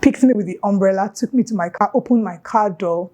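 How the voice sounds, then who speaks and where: A young woman with a Nigerian accent recounts a story on her vlog. Her delivery is casual and animated, and she keeps dropping playful local asides into the telling. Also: medium pitch, fairly quick. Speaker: YouTuber.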